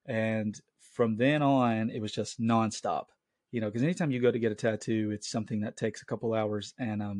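A man's voice: fairly low pitch, a little mellow, no room sound. Guy in his late 20s doing a faith podcast at home, earnest and rambly, dry close sound. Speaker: Christian podcast host. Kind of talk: casual solo podcast talk. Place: at home, family in the next room. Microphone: own podcast mic.

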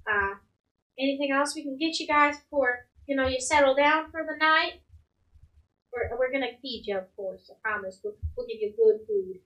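A woman's voice: high voice, moderate pace, a bit bright, highs cut off. A woman voicing a big, sturdy mother who talks in a folksy, caring way. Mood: homely. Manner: homely, folksy talk.

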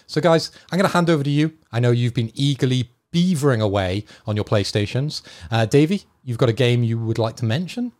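A man's voice: mid-range voice, animated, a little fast, hardly any pauses, a little mellow. A man co-hosting a gaming podcast, bantering playfully in a mock-formal way. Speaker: podcast co-host. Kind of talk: casual chat.

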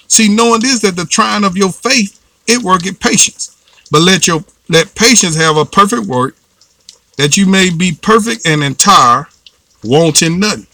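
A man's voice: high voice, moderate pace, sharp tone, no room sound. A man preaching a fervent sermon, urging the congregation with repeated calls and responses. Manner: fervent, repetitive exhortation with call-and-response.

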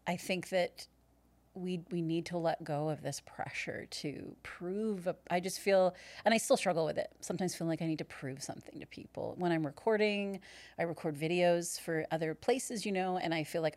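Woman, yoga instructor guest; lower register, earnest and animated delivery. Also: moderate pace, dry recording. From Canada. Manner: earnest, animated, laughs often. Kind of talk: casual podcast interview.

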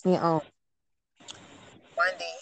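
A woman telling her own life story as an interview guest, in casual, halting talk with frequent pauses and restarts. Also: a bit bright, no room sound, poor audio.

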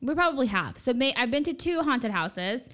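A young woman co-hosting a casual podcast chat, jumpy and quick to laugh. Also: high-pitched, very animated, a bit bright. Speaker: podcast co-host.

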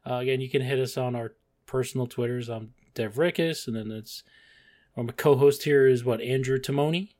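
A man co-hosting a casual movie podcast, animated and laughing, swearing casually. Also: medium pitch, brisk. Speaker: podcast co-host.

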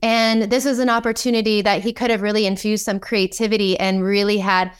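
A woman guest on a podcast, telling a story in a lively, enthusiastic way and acting out the voices in it. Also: mid-range voice, a little fast, clean tone. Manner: enthusiastic, acts out quoted dialogue. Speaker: podcast guest, kink coach. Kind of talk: conversational storytelling.

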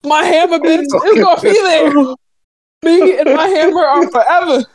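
A young woman co-hosting a podcast, talking in casual, profane, animated banter and laughing a lot. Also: very high voice, normal speed. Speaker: podcast co-host.

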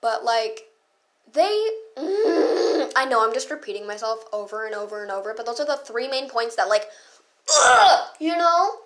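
A woman's voice: a little high, big pitch swings, moderate pace, background noise. A teenage girl hosting a podcast, ranting in a heated, profane, casual way with lots of fillers and asides. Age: teens. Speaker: podcast host.

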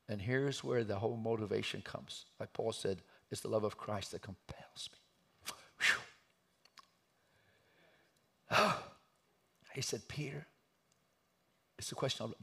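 Gravelly preacher telling a dramatic story. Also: male voice, lowish voice. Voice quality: gravelly, husky. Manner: dramatic, swings from hushed to shouting while acting out the story. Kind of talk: sermon storytelling.

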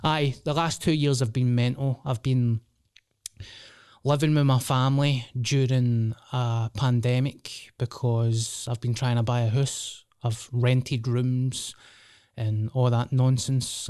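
A man's voice: mid-range voice, a little mellow, clear, resonant tone, no room sound, clean studio sound. A Glaswegian man in his thirties hosting a solo podcast, rambling and swearing in a jokey, casual way. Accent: Scottish, Glasgow. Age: 30s. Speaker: podcast host.

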